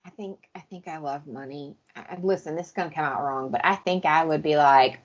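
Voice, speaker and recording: A woman's voice: low-pitched, fairly quick, hardly any pauses, muffled recording. A woman co-hosting a podcast, chatting casually and making sassy, joking asides. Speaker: podcast co-host. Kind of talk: casual chat.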